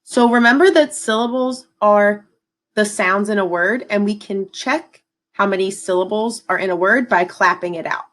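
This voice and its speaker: A woman's voice: mid-range voice, normal speed, fairly bright tone. A woman teacher talking students through a lesson in an upbeat, encouraging way. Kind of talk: recorded classroom lesson.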